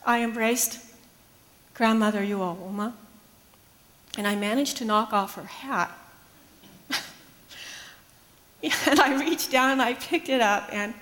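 A woman pastor telling a personal faith story in an earnest, measured, reflective way. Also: on the high side, a bit bright. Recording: long hall reverb.

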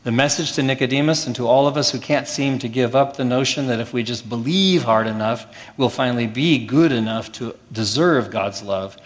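Guy preaching a sermon, slows right down on key words, long church echo. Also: medium pitch. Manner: measured preaching with slow emphatic pauses. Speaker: pastor.

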